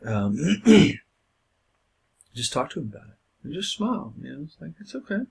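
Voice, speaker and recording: A man's voice: fairly high pitch, very animated, moderate pace, creaky, darkish tone, husky. A man teaching a counseling class in a casual, conversational lecture style, with lots of filler words. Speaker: counseling instructor. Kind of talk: recorded lecture.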